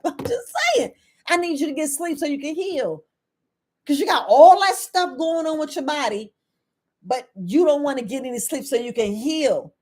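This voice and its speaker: A middle-aged woman herbalist, talking casually to her viewers, animated and laughing often. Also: a little high, normal speed. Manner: animated, laughing, acts out quoted people in a raised voice. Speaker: herbalist host.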